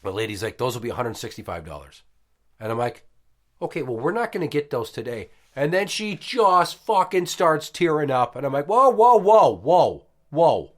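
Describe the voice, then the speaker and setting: Profane storytelling man, animated. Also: mid-range voice, fairly quick. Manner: profane, animated, acts out quotes. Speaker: podcast host. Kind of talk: casual storytelling.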